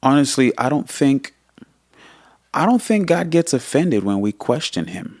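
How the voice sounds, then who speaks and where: A man's voice: mid-range voice, very animated, a little slow, darkish tone, no echo, studio quality. A man in his thirties co-hosting a casual chat, earnest and repeating phrases for emphasis. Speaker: podcast co-host.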